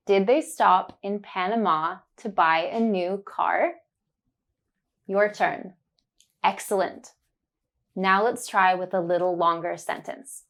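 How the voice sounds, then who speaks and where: A woman teaching a pronunciation lesson, repeating words slowly and clearly and praising the listener with upbeat cheer. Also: mid-range voice, fairly bright tone. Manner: drawn-out, deliberate word drills with upbeat praise.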